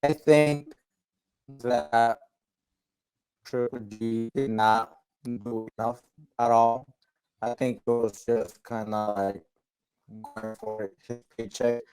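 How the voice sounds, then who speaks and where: A man's voice: medium pitch, fairly even intonation, slow, pauses often, darkish tone, clear, resonant tone, soft background music, rough recording. A man co-hosting a casual sports chat, giving his opinions and thinking aloud with frequent "like"s. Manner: thinks aloud with lots of "like" and restarts. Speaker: co-host.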